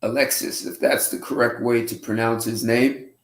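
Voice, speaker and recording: A man hosts a casual livestream and thinks out loud in an unhurried way. He restarts his sentences and clears his throat often. His voice has a middle pitch and a roomy echo around it. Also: flat delivery. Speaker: host.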